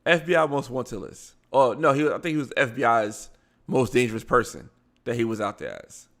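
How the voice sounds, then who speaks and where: A gravelly, mid-pitched man with a Baltimore accent and a fairly bright tone hosts a casual live show, animated and at normal speed. He reads news articles aloud, stumbles over long words, and interrupts himself with blunt asides.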